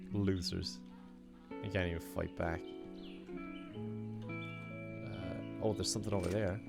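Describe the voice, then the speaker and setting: A young man chats loosely through a game stream, laughing easily as he thanks viewers. His voice sits low with a gravelly, creaky edge, and soft music plays behind him. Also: steady tone, measured pace, long pauses. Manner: chatty, laughs often, reads out donations. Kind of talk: casual live-stream chat while gaming.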